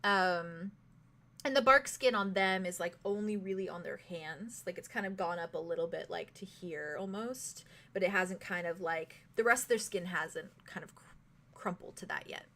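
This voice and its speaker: A young woman narrating as game master in a tabletop game, halting, with many fillers and giggles. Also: on the low side, sharp tone.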